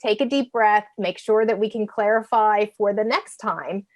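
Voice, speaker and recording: A woman's voice: mid-range voice, normal speed, no room sound, studio quality. A woman on a podcast, talking reflectively and earnestly about feeling not enough. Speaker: podcast co-host. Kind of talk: casual podcast conversation.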